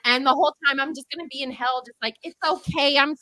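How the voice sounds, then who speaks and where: A woman's voice: high voice, very fast, dry recording, poor audio. A woman co-hosting a podcast, telling a crude funny story in casual chat and acting out the voices. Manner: animated, crude jokes, acts out voices. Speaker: podcast co-host.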